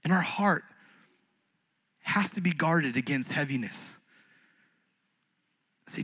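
A man preaching as a pastor, earnest, swinging between fervent rises and quiet, intimate passages. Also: on the high side, animated, slow pace, long pauses, breathy edge, poor audio. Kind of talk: sermon. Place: church stage.

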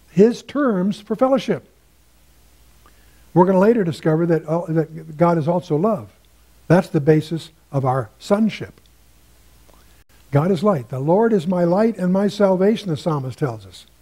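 A man's voice: sits high, mellow. Older man teaching Bible study. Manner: musing, digressive, quotes scripture in a lifted voice.

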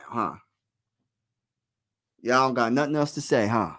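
Excited fan host calling a basketball game. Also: male voice, mid-range voice, a little slow. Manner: excited partisan, slangy, talks to chat. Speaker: livestream play-by-play host. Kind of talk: casual live fan play-by-play.

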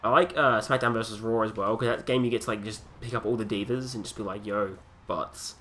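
A young Australian man casually commentating a wrestling video game, joking crudely and breaking into excited wrestling calls. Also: on the low side, fast talker, faint music behind. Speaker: gaming commentator. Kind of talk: casual let's play commentary.

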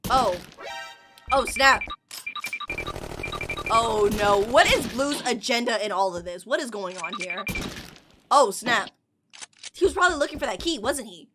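A woman giving excitable, chatty reaction commentary while watching an animation. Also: a little high, a little slow, pauses often, over music. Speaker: reaction video host.

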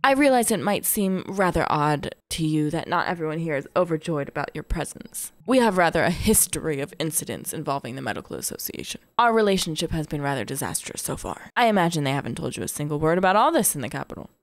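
Woman reading a formal, courteous game mayor, measured, lively pitch, dry. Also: dry recording. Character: polite, formal male town mayor.

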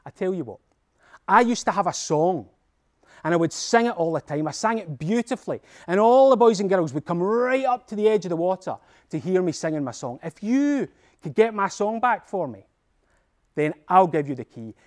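A sly mermaid, put on by a Scottish man coaxes and wheedles in a high, sing-song voice. She is a storybook water creature who lures the unwary near. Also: lively intonation, moderate pace, darkish tone. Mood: coaxing. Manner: coaxing and wheedling. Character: sly female mermaid luring children to the water.

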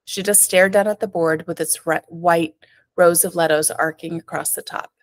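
A woman's voice: moderate pace, no echo. A woman author, reading her own fiction expressively over a video call from home, then chatting. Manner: expressive reader with sharp rises in pitch on dialogue. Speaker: author and guest. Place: home with a cat.

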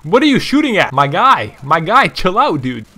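Excitable high-voiced young gamer guy. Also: normal speed, background noise. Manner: excitable, laughs and gasps often, repeats phrases. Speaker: gaming YouTuber. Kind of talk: excited gameplay commentary. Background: background music.

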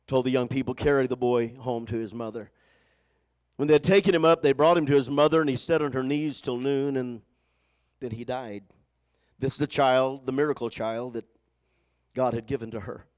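A man preaching a sermon, telling a Bible story and calling on his congregation to answer, moving between loud exhortation and hushed storytelling. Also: medium pitch, steady tone, fairly quick. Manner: preaching with call-and-response to the congregation; repeats words when starting phrases. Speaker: pastor.

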